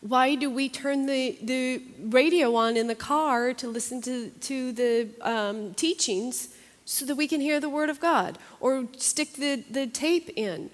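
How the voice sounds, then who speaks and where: A woman's voice: high voice, unhurried, long reverb tail. A woman teaching a Bible study in a chatty, earnest way, repeating phrases for emphasis. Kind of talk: conversational sermon.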